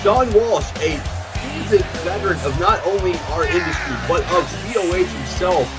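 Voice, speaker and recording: A man calling a wrestling show as play-by-play commentator, excitable and tripping over his words. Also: high voice, normal speed, loud music behind the voice.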